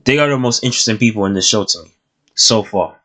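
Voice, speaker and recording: A young man giving a casual, thoughtful review of a TV series, often pausing and restarting his sentences. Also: fairly low pitch, fairly bright tone. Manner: thoughtful, hesitant, many restarts and fillers.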